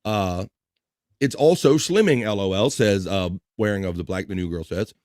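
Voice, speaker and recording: A man's voice: fairly low pitch, dry recording, clean studio sound. A man hosting a livestream, reading out and teasing chat comments in a hyped, joking way. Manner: hyped, teasing, quick shout-outs. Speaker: livestream host.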